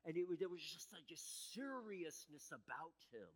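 A man's voice: on the high side, big pitch swings, normal speed. A man preaching a sermon earnestly, building in intensity and often restarting his sentences. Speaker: pastor. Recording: echoey hall with long reverb.

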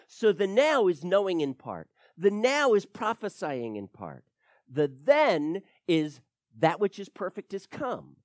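A man's voice: sits high, slow, no echo. Guy preaching thru bible verses, really emphatic, voice jumps all over, dry sound. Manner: emphatic, animated teaching with frequent repeated words. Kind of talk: verse-by-verse sermon.

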